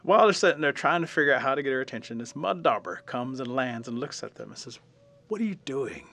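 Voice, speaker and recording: A middle-aged man telling a traditional folk tale in a folksy, colloquial, lively way. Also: medium pitch, fast talker, gravelly. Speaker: storyteller.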